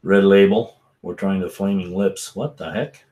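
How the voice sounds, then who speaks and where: A man's voice: low voice, steady tone, moderate pace, warm tone. A man hosting a casual whisky live stream, rambling and chatting with viewers by name. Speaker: livestream host.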